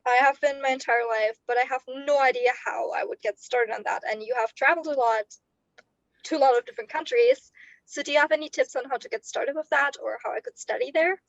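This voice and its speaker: A young woman from Germany, asking a quick and friendly question from the audience. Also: sits high, creaky, no room sound. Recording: muffled, dry lo-fi sound.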